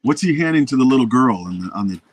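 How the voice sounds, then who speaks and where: A man's voice: mid-range voice, lively intonation, fast. A man in a casual video-call chat, chiming in with brief approving remarks.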